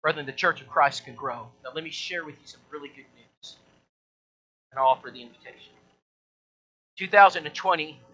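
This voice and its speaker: A man's voice: a little high, fairly quick, pauses often, sharp tone, dull audio. A male preacher delivering a sermon in an emphatic, repetitive, rallying way.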